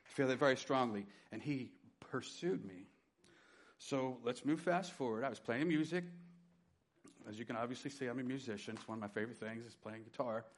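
A middle-aged man preaching a sermon, telling his personal testimony with dynamic swings from loud emphasis to quiet. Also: mid-range voice, brisk. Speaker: pastor.

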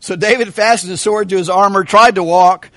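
A male pastor with a fairly high voice gives a Bible study sermon. His delivery is animated, and he keeps asking questions of the listeners. The sound is close and dry. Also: brisk, no echo. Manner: animated, asks questions of the congregation. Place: church hall with a kitchen.

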